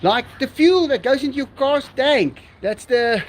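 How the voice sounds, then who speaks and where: A man's voice: very high-pitched, animated, unhurried, a little hiss or hum. A man, hosting a live stream in casual chat and answering viewers, laughing often.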